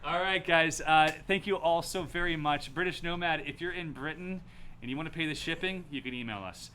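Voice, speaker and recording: A man's voice: on the high side, a little fast, pushed and bright. A man hosting a casual aviation livestream, upbeat and reading viewer names from the chat. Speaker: livestream host.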